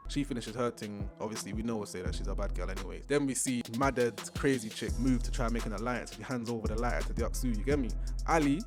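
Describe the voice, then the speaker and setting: A young man doing an animated, slang-heavy comedic recap, acting out the characters in jumpy voices. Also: fast talker, over music. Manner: animated, acts out characters with big pitch jumps. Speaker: recap host.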